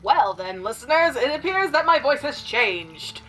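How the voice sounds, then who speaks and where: A woman's voice: high-pitched, expressive, slow, soft background music, rough recording. Woman doing a pompous old-time radio announcer man. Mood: announcing. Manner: formal, theatrical announcing. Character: pompous male radio announcer, transatlantic accent.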